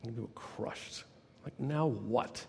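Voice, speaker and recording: A man, a motivational speaker, telling a workplace anecdote in lively storytelling narration. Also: mid-range voice, takes it slowly, gravelly, a little hiss or hum. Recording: reverberant recording.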